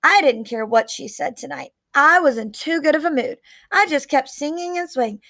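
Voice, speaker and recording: Casting: woman, high voice, expressive children's book read-aloud. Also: normal speed, creaky. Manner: expressive, animated reading. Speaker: storybook reader.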